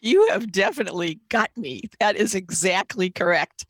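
Gravelly Boston woman telling her story. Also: medium pitch, expressive, normal speed, no room sound. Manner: earnest, emphatic storytelling. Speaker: podcast guest, author. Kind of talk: personal storytelling interview.

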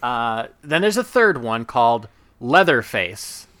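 A male podcast host chats in a rambling, enthusiastic flow, full of asides and fillers. His voice is bright and forward. It sounds dry and close to the mic. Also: medium pitch, big pitch swings, slow pace, no room sound. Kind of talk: casual chat.

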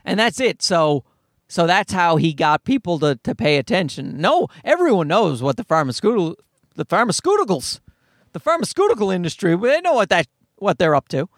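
Man, podcast host, rambling comedic rant, high lively voice, dry recording. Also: normal speed, no echo. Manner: rambling, profane, animated with put-on voices. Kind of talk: casual comedic monologue.

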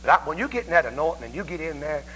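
A Southern American evangelist preaching a revival sermon in a high, bright, ringing voice. He swings his pitch widely, leaping into shouts and sinking into whispers as he tells homespun stories. A faint hum runs under the old church tape. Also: big pitch swings, racing, rough recording. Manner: folksy storytelling. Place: church sanctuary.

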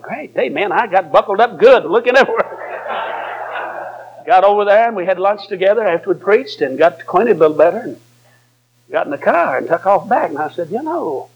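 A male preacher giving a sermon, telling folksy stories that swing from chuckling asides to emphatic shouts. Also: sits high, dull audio.

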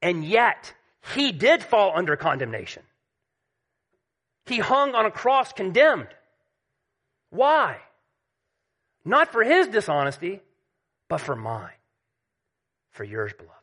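Bright-voiced emphatic male preacher. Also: high-pitched, huge pitch swings, takes it slowly, pauses often. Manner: emphatic, dropping to a hush at key points. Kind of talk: sermon.

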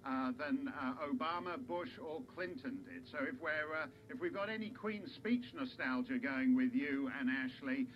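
A man's voice: fairly high pitch, normal speed, few pauses, lo-fi sound, slight background noise. A man from Canada, a pundit guest in a TV news interview, speaking in a wry, articulate way. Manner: wry, articulate, self-deprecating.

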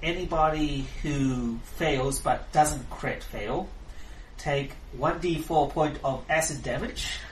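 A man running a tabletop game as game master, narrating with slow, amused storytelling. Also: fairly high pitch. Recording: roomy, distant, noisy table recording.

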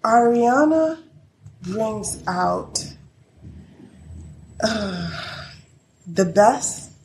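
A woman chatting as an interview guest, her voice gravelly at the edges. She tells her stories candidly and laughs often. The room is echoey, with a faint hiss behind her. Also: on the high side, animated, very slow, darkish tone. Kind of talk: casual interview conversation. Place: her studio.

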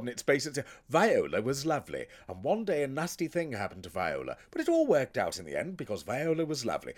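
An actor chatting on a podcast in a blunt, profane, animated way. His pitch swings widely as he talks, and he sits at a middling pitch for a man. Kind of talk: casual podcast chat.

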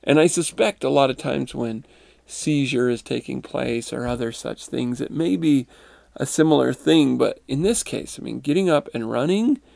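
A man with a low, mellow voice and a gravelly edge reads a first-person account slowly and steadily. He then shifts into easygoing host commentary. He is recorded close and dry, with no room sound. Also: dry recording. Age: adult parent. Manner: calm, measured reading; chuckling, conversational commentary. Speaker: narrator and podcast host.

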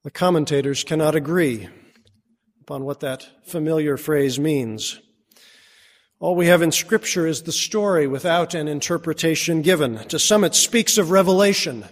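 A pastor preaching a sermon, moving between strong declarations and quiet, hushed passages. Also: male voice, on the high side, normal speed, in a large hall. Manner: dramatic shifts between strong and hushed delivery.

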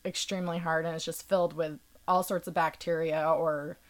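Low-voiced woman explaining carefully. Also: little pitch movement, normal speed. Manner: earnest, explaining carefully with fillers. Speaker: podcast guest. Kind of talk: casual conversational explanation.

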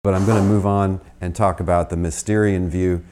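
An American man giving a conversational theology lecture, reasoning through arguments with quick asides. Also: deep voice, flat delivery, mellow, a little hiss or hum. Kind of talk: spoken lecture.

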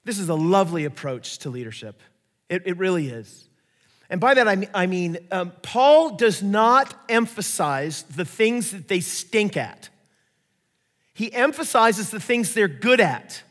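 A man preaching a sermon, telling stories in a lively way and acting out the voices of the people he quotes. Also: sits high, a little slow. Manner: animated storytelling, acts out quoted voices. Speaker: pastor. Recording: echoey hall reverb.

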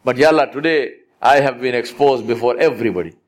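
A man's voice: medium pitch, fast talker. A man preaching a sermon, exhorting his listeners with emphatic repetition.

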